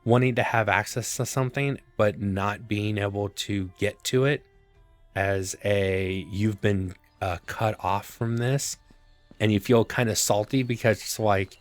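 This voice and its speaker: A man casually commenting on his gameplay, thinking aloud with relaxed fillers. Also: on the low side, normal speed, faint music behind. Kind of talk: casual let's-play commentary.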